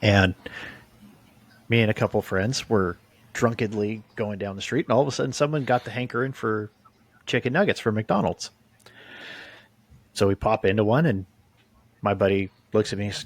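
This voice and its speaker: A man's voice: fairly low pitch, moderate pace, pauses often. A man in casual chat, telling a rowdy story and acting out the voices in it. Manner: animated, acts out the voices in his story.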